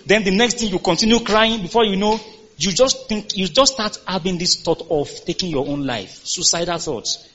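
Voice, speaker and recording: High-voiced husky preacher delivering a sermon. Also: male voice, normal speed, fairly bright tone, dull audio. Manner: emphatic, call-and-response with congregation. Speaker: pastor.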